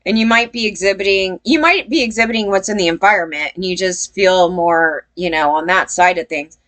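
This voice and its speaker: A woman's voice: medium pitch, fairly quick, a bit bright. A woman giving casual opinion commentary as a vlogger, blunt and profane, rambling and laughing between points.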